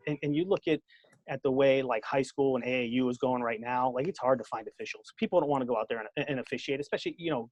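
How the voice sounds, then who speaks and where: A man with a Boston accent, a former basketball coach, talking as a guest in a casual podcast chat, animated and laughing often, stumbling over repeated words. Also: medium pitch, no room sound. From Boston area.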